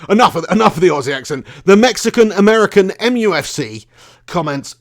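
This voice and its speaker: Young man, live-stream host, chatty, casual swearing, slightly high-pitched. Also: very animated, a little fast. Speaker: fan channel host.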